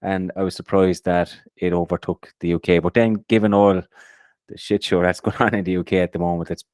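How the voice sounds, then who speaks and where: Deep-voiced man, casual podcast host. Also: steady tone, fairly quick, a little mellow, clear, resonant tone, no echo, clean studio sound. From Ireland. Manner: upbeat, repeats words when starting sentences. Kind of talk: casual chat.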